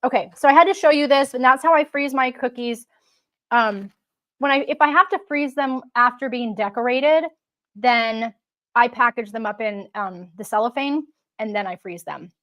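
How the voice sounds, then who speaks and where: A woman's voice: fairly high pitch, normal speed, fairly bright tone. A woman hosting a casual live stream, talking in a chatty, rambling way with frequent restarts. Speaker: host.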